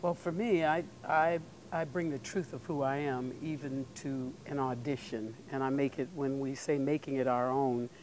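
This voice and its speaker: A woman's voice: very deep voice, steady tone, normal speed, few pauses, a little mellow, slight background noise. An older woman, an actress guest, answering interview questions in an earnest way, often repeating words as she thinks.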